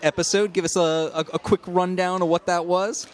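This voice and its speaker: A podcast host with a somewhat high voice who teases his guests and keeps things light. He conducts a casual interview outdoors at a fan convention. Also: level tone, a little fast. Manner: playful, teasing.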